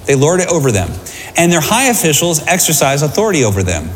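Guy pastor preaching in a big church, kinda high voice, bouncy, chatty, asks the crowd stuff, faint room hum. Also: fast. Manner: lively, conversational, asks the congregation questions. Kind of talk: sermon. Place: large church hall. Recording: hall reverb, faint room ambience.

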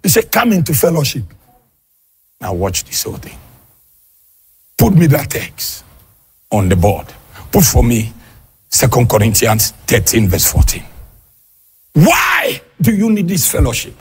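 A man preaching in church with a very husky, raspy voice. His delivery swings widely, rising into shouted, sing-song peaks and dropping into quick, low asides. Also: big pitch swings. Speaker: pastor. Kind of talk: sermon.

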